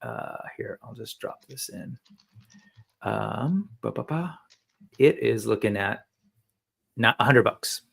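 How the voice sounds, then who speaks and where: A man's voice: on the low side, slow, gravelly, pauses often, slightly rough. A man hosting a casual livestream chat, rambling and talkative with frequent fillers and self-corrections. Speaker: livestream host. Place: home studio.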